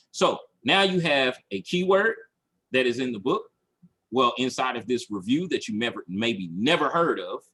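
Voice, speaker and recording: A man coaching a training session over a video call, animated and repeating his points for emphasis. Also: medium pitch, breathy edge. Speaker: marketing coach. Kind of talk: recorded online training session.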